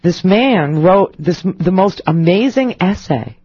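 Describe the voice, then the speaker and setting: A woman's voice: lowish voice, lively intonation, slow pace, mellow, breathy edge, no echo. A middle-aged woman talk radio host riffs in a loose, self-mocking monologue, full of fillers and restarts. Her voice sits close and dry on a studio mic, with a slightly dull, muffled sound. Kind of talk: casual on-air monologue.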